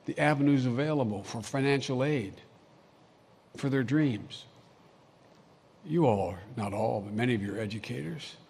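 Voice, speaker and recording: A man's voice: a little high, creaky, darkish tone, a little hiss or hum. An older man giving a folksy, anecdotal public speech as vice president. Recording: long hall reverb, faint ambience.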